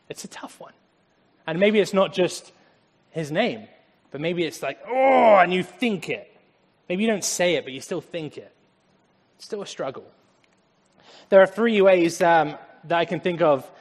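An English man with an English accent giving a casual, conversational Bible talk, animated and acting out little asides. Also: on the high side, in a large hall. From England. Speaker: Bible teacher.

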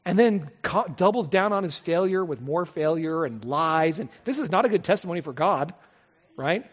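A middle-aged man preaches in a chatty, expressive way, tossing out rhetorical questions and side remarks. His pitch rises and falls freely. The sound carries a long church-hall echo and is a little dull. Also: normal speed. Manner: lively, conversational preaching with asides and rhetorical questions. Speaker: pastor. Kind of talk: expository sermon.

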